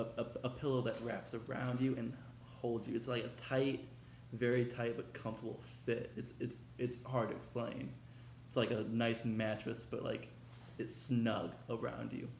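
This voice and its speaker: A young man hosting a casual unboxing vlog, talking in an excitable, slangy, hyped way. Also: mid-range voice, creaky, slight background noise. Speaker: vlogger. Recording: echoey room.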